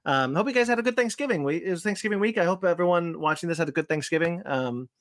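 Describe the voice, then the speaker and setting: A man's voice: sits high, fast, a bit bright, dry recording, studio quality. A man hosting a podcast, wrapping up the show in a loose, rambling way with many restarts. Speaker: podcast host. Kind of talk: casual podcast chat and sign-off.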